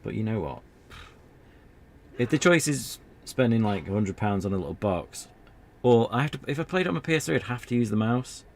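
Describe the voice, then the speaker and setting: A man's voice: medium pitch, lively intonation, fairly quick, gravelly, a little mellow. A man streaming an old adventure game, chatting casually in a rambling, self-deprecating way. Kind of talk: casual gameplay commentary.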